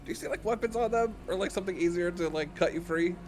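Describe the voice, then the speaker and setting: A man's voice: high-pitched, fast, darkish tone, slight background noise. A man playing a tabletop game, improvising in character in a whiny, rambling, flustered way. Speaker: player.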